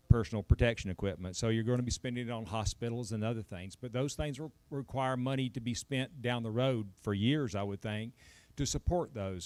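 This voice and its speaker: A man's voice: fairly low pitch, a little mellow. A man at a town hall meeting asking the panel a question about budgets, hesitant and stammering as he starts. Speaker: audience member asking questions.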